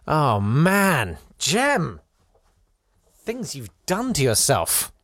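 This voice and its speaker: Lively man reading a listener's story. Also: a little high, very slow, no echo, studio quality. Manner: animated, playful asides between read passages. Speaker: podcast host reading listener stories. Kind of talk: reading a listener's letter aloud with asides.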